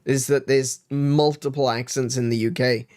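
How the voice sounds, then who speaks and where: A man hosting a casual livestream chat, animated and quick to laugh, with frequent restarts. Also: mid-range voice. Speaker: streamer host.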